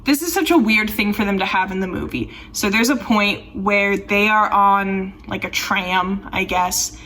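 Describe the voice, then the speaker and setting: A woman's voice: mid-range voice, a little slow, bright, forceful tone, far from the mic, slight background noise. A young woman rambling through a casual film review, full of "like" and sarcastic asides. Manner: chatty, rambling, heavy use of "like", sarcastic asides. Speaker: film commentary YouTuber.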